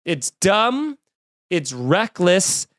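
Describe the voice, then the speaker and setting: A man's voice: high-pitched, very animated, very slow, a bit bright, no echo, studio quality. A young man hosting a podcast, delivering a profane, exasperated comedic rant full of fillers and asides. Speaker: podcast host.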